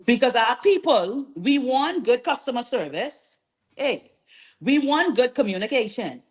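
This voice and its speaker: A woman with a Bahamian accent, a nail technician guest on a radio talk show, talking in an animated, preachy way and repeating her phrases. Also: on the high side, a little slow.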